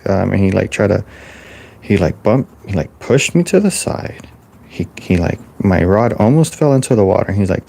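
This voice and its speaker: A man with a very low, gravelly voice rambles through a deadpan tall tale. He halts and restarts often as he tells it. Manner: halting, full of restarts and fillers. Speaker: storyteller drawing on camera.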